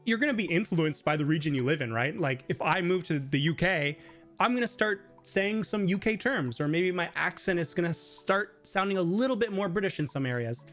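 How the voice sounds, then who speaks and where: A chatty man hosts a live question-and-answer stream, his voice sitting a little higher than most men's. He rambles casually with plenty of fillers and now and then jumps up high to mimic someone. Faint music plays behind him. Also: expressive, brisk, fairly bright tone. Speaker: livestream host.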